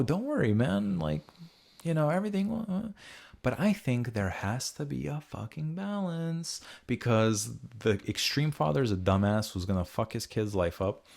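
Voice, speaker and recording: Animated young man ranting on a podcast. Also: a little slow, creaky. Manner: animated, swearing freely, jumps into high mocking voices when quoting. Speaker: podcast host. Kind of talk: casual podcast chat.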